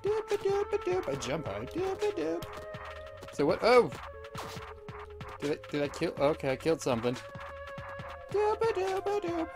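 A man giving let's play commentary, rambling with deadpan absurd jokes. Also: a little high, a little fast, pauses often, over music. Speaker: gamer.

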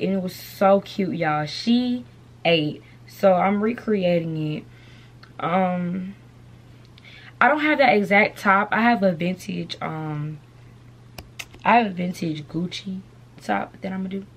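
A young woman chatting casually to her camera at home, full of slang and "y'all". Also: mid-range voice. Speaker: vlogger.

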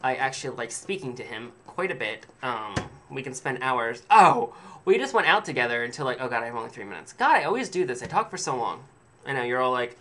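A man's voice: medium pitch, very animated, fairly quick, sharp tone. A man telling a rambling, sarcastic story to camera in a casual vlog, swearing freely. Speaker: vlogger.

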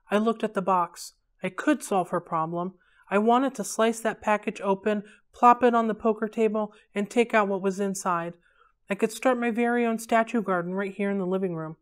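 A woman reading a novel aloud for a library read-along, in a steady, clear storytelling manner. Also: mid-range voice, moderate pace.

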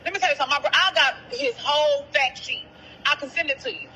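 A woman's voice: high voice, fast, sharp tone, slight background noise, rough recording. A woman, calling in to an interview and bluntly telling a heated, profane story full of quoted dialogue. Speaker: caller, sister of the rapper discussed.

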